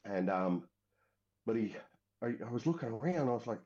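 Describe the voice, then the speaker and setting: A man's voice: lowish voice, fast, dark tone. A man with an Australian accent, a military veteran, telling a long story casually in an interview, full of fillers and restarts. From Western Australia. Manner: rambling, frequent fillers and restarts. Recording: dull lo-fi audio.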